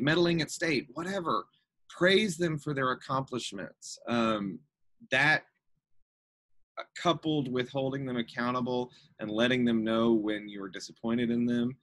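A man's voice: mid-range voice, fairly bright tone. A man who directs a school theatre program, giving an earnest, encouraging conference talk with many fillers. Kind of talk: conference presentation.

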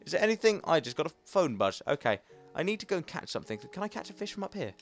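A young man chats through his gameplay in a lively, bouncy voice that climbs high and swoops around. He mutters to himself and pokes fun at his own mistakes. Faint game music plays underneath. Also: very fast. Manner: chatty, talks to himself, playful and self-mocking. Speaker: gaming channel host. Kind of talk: casual let's play commentary.

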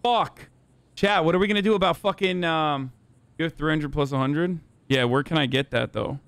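A man streaming a game live, profane and excitable, talking to his chat and to other players. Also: a little high, moderate pace, smooth, no room sound.

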